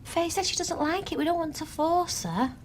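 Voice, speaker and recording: A woman's voice: very high voice, moderate pace, a little hiss or hum. An actress playing a chirpy, overly cheerful woman. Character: chirpy woman meeting a stepdaughter.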